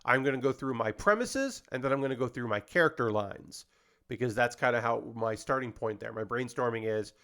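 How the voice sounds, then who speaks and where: A man's voice: mid-range voice, expressive, fairly quick, a bit bright. A male comedian and host in casual chat, rambling and self-deprecating as he talks through his ideas.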